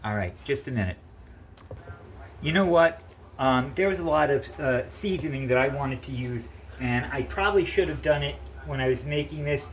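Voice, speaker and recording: A man's voice: medium pitch, animated, normal speed, rough recording. Man, chatty home cook, rambling, fillers, faint background hum. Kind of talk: casual cooking chat. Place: home kitchen.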